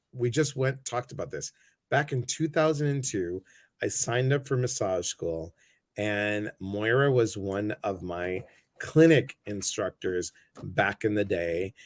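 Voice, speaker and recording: A man's voice: medium pitch, slow, dry recording. A man hosting a casual livestream chat over a video call, effusive and greeting many viewers by name. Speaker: host.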